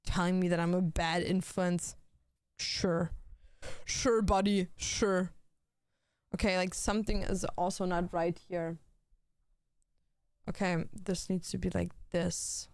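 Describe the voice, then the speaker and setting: Young woman streamer, casual gaming chat, blunt, swears a lot, smooth voice, dry close sound. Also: fairly low pitch, little pitch movement, measured pace, a little mellow, no echo. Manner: blunt, swears freely, lots of fillers.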